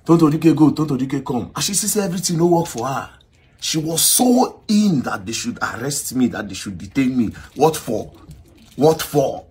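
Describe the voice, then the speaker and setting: Young Nigerian man, raspy and heated storyteller, keeps asking if you understand. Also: mid-range voice, moderate pace. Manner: excitable, acts out others' words, frequent "you understand?". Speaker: online activist telling his story. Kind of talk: animated storytelling in Nigerian Pidgin-tinged English.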